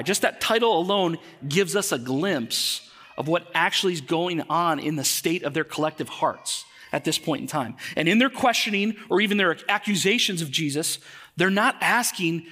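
A man's voice: high-pitched, bright, forceful tone. A man in his thirties preaching a sermon to a congregation in a conversational way, often asking them questions. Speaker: pastor. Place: church.

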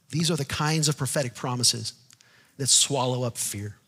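A male pastor preaching a sermon in a conversational way, moving from hushed, quiet asides to loud, fervent declarations. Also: medium pitch, normal speed, husky, long reverb tail. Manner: conversational, with restarts and "like" fillers.

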